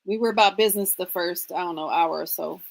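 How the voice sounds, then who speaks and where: A woman's voice: on the low side, fast, gravelly, poor audio. Chatty laughing woman hosting a livestream. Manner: chatty, laughs often, greets viewers by name. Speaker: livestream co-host. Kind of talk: casual livestream chat.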